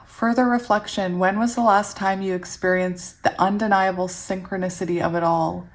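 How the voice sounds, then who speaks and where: A young woman giving a casual tarot reading, giggly and excitable, often laughing as she reads the cards aloud. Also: medium pitch, moderate pace. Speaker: tarot reader.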